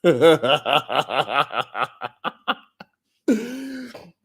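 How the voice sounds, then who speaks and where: A man hosting a podcast, delivering a mocking roast monologue that swings from loud shouts to low mutters. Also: big pitch swings, very slow, vocal fry. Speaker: podcast host.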